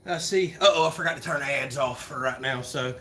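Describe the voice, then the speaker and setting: A man hosting a casual livestream Q&A, chatty and rambling and quick to laugh, recorded on a phone camera. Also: medium pitch, fairly bright tone, a little hiss or hum. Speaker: livestream host.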